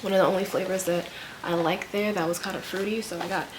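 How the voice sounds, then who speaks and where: A woman's voice: on the low side, steady tone, fast, very noisy. A woman vlogger with a stuffy nose, rambling laid-back about her shopping haul, using lots of fillers. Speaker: vlogger, full-time nurse. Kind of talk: casual haul chat.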